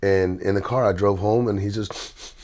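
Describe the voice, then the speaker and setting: A man's voice: fairly low pitch, fairly even intonation, normal speed, darkish tone. A man hosting a podcast and working as a basketball trainer, enthusiastic, telling personal stories. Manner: enthusiastic, storytelling. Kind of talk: podcast conversation.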